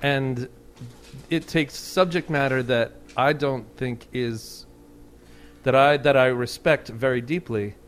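A man's voice: mid-range voice, steady tone, slow, clean tone. A man talking casually in an interview as a touring band musician, rambling and self-deprecating, with many restarts.

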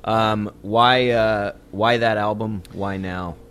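A man's voice: fairly low pitch, takes it slowly, clean tone. Chummy laid-back male interviewer. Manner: relaxed, chummy, laughs often. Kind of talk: casual interview chat.

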